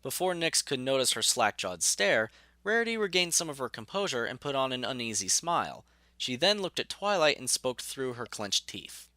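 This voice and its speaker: A man narrating a fan audio story in a measured, even way. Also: medium pitch, no echo.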